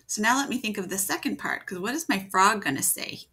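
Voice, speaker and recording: A woman teaching children to write fairy tales in a video lesson. She talks gently and encouragingly, and thinks out loud. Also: medium pitch, lively intonation, fairly quick, husky. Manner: thinks aloud, gentle and encouraging, with frequent restarts. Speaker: writing teacher.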